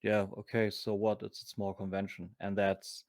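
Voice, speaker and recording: A man with a German accent, a podcast guest talking in a halting, casual way with many restarts. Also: on the low side, monotone, darkish tone, dry recording, clean studio sound. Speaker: podcast guest, convention vendor. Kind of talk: casual chat.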